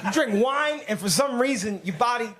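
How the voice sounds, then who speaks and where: A man's voice: very high voice, expressive, moderate pace, fairly bright tone. A man doing a stand-up comedy set, telling crude stories brashly and putting on voices for the people in them. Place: comedy club stage with live audience.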